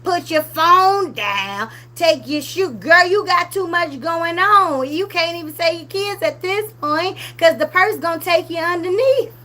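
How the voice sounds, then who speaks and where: A woman's voice: very high-pitched, unhurried, hardly any pauses. A woman hosting a commentary channel, talking casually and animatedly, scolding the people she talks about. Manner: animated, scolding, drops to a hushed whisper at times.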